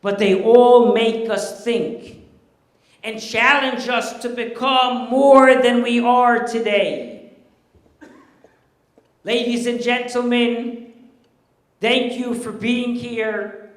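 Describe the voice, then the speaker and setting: A man giving a formal introduction of the guest speaker at a banquet, in a measured, formal tone. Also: very high-pitched. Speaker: event presenter. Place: banquet hall. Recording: echoey hall.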